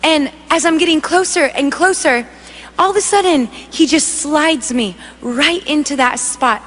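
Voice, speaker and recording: Female preacher, 30s, high voice, storytelling sermon, long hall reverb. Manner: animated, acts out quoted voices, conversational. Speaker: worship leader preaching. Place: large church hall.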